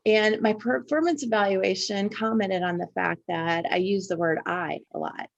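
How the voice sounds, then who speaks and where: A woman's voice: medium pitch, steady tone, normal speed, creaky, lo-fi sound. A woman from Indiana, co-hosting a podcast, reflecting in casual conversation and telling personal stories at length. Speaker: podcast co-host.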